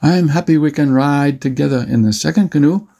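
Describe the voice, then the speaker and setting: A man's voice: fairly high pitch, fairly quick, gravelly, warm tone. A man voicing a friendly, earnest village boy with careful, formal phrasing in a storybook reading.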